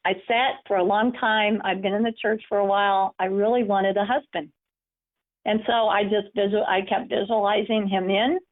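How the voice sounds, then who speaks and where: Through webinar call audio that sounds narrow, like a phone line, an American woman coaches her live audience. An empowerment coach and speaker, she offers encouraging personal stories in a middle-pitched voice.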